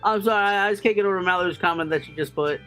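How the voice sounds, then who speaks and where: A woman co-hosting a casual podcast talk show, quick to laugh and tease. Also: lowish voice, fairly bright tone, soft background music. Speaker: podcast co-host.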